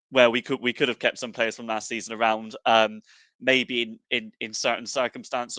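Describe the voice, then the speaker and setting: Bright, dry-sounding male podcast co-host. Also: medium pitch, no echo. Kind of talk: casual podcast chat.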